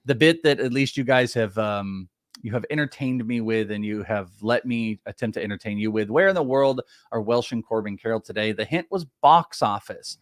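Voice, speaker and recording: A man's voice: fairly low pitch, moderate pace, no room sound, clean studio sound. A man in his thirties hosting a live fantasy baseball show, chatting casually about his bets, tired after a late night and laughing often. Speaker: podcast host. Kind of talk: casual sports betting chat.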